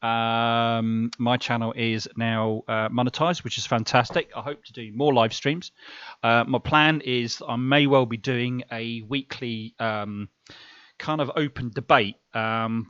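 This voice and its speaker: A man's voice: mid-range voice, steady tone, a little slow, fairly bright tone, dry recording, lo-fi sound. Man, live stream host, casual rambling chat, dry close sound, middling voice. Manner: rambling, full of fillers and restarts.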